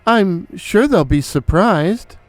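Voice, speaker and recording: A man doing a softly crooning sinister mother. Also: sits high, animated, slow pace, dry recording, faint music behind. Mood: quiet crooning. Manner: soft crooning, quiet. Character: sweetly sinister mother, a head-detaching night floater.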